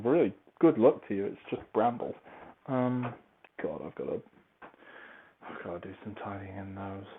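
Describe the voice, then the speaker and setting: A man talking in a casual, meandering, self-deprecating monologue while he moves about tidying his home. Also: mid-range voice. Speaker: podcaster reviewing a book series. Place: at home, large open-plan room. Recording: tinny phone-like recording, faint noise.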